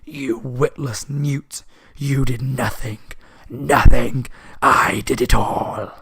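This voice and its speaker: A man with a sore throat voicing a creepy, gloating old male wizard in a slow, menacing whispered role-play. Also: medium pitch, steady tone, vocal fry, a bit bright, breathy edge, no echo, full character voice.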